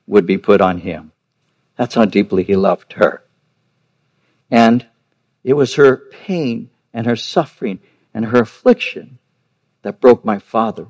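This pastor, a man aged fifty or older, has a medium-pitched voice with a somewhat dark tone. In his sermon he earnestly shares a personal story, repeating words for emphasis.

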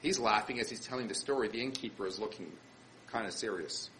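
Brief: male rabbi, lively storytelling sermon, bright tone, faint background noise. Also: lowish voice, a little fast, rough recording. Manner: animated storyteller, acts out quotes.

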